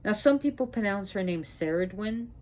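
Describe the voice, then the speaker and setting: A woman speaking as a priestess, sick and short of breath, talking in a slow, halting way with restarts. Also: sits low, darkish tone. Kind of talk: spoken talk on mythology.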